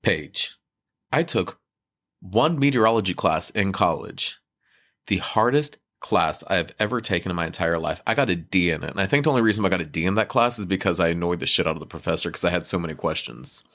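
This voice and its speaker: Casual guest: young man, deep voice, chatty and animated, lots of fillers. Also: fairly quick. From Ohio. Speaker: guest, TV executive producer. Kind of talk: casual podcast chat.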